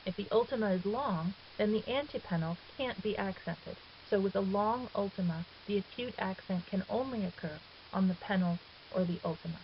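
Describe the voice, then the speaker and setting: A woman calmly explaining a grammar lesson as a recorded teacher, patient and step by step, now and then correcting herself. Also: medium pitch, normal speed, hardly any pauses. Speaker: Greek teacher. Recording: dull hissy lo-fi 2009 recording.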